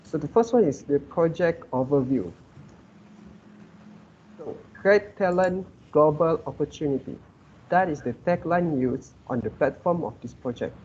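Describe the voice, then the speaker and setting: A young man from Malaysia presents a student project on a video call. His voice sits a little high and he explains step by step with a few filler words. The audio is dull and lo-fi with faint background noise. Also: a little slow. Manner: explanatory, steady, slightly hesitant with fillers.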